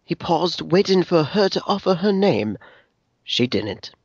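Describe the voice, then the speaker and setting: A man narrating a fan story aloud in an expressive storytelling manner. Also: a little high, measured pace, husky, dry recording. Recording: dry, dull lo-fi sound.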